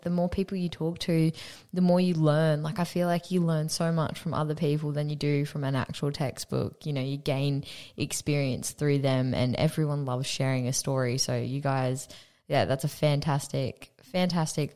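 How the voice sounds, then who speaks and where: A woman's voice: deep voice, dark tone. A young Australian woman hosting a podcast, chatting reflectively with many "you know" fillers. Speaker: podcast host. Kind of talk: casual interview chat.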